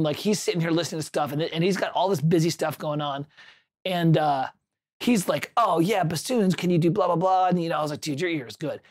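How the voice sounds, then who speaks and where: A man's voice: fairly high pitch, darkish tone. A man hosting a livestream, chatting casually, telling a rambling anecdote with self-corrections and answering viewers' chat.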